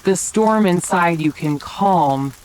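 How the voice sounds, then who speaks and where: A woman voicing a wise older woman with an Eastern European accent, softly, in a whispered role-play. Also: lowish voice, slow pace, slight background noise, poor audio. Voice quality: soft, thick accented voice. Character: older silver-haired woman, wise and gentle.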